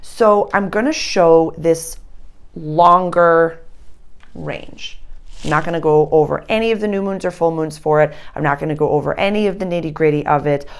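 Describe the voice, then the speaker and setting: A woman's voice: low-pitched, creaky, clean tone. A woman with a Boston accent giving a rambling, casual astrology lesson at a board, thinking aloud as she goes. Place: indoor room with a board.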